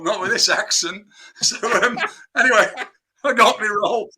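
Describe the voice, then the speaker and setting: A man, a podcast guest telling a lively anecdote and acting out the scenes. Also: high-pitched, moderate pace. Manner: lively storyteller, acts out the scenes. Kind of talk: casual anecdote.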